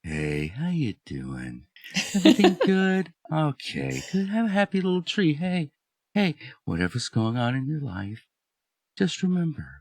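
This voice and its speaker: A man doing a hushed gentle painter. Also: a little high, huge pitch swings, unhurried, gravelly, no echo, studio quality, pitched above the performer's own voice, full character voice. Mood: soothing. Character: soft-spoken gentle male TV painter impression. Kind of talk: podcast banter impression.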